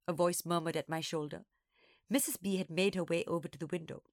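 A woman reading a children's story aloud, expressive and engaged. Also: on the low side, a little fast, no room sound, clean studio sound. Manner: expressive, lively.

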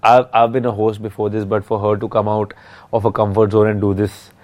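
Sleep-deprived and loose, a man in his thirties trades jokes with his wife on their laid-back podcast. His voice sits lowish and darkish, steady in tone, a bit quick, and he rambles, often breaking into his own sentences.

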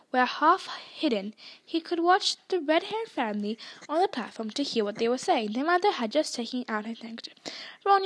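A woman reading a novel aloud with expressive storytelling. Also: sits high. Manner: expressive storytelling, doing character voices. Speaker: audiobook reader.

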